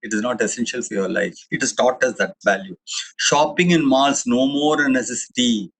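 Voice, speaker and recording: A man's voice: medium pitch, moderate pace, fairly bright tone, breathy edge, rough recording. A middle-aged man with an Indian English accent giving a chatty, digressive webinar talk, full of restarts and fillers. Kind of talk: anecdotal public talk.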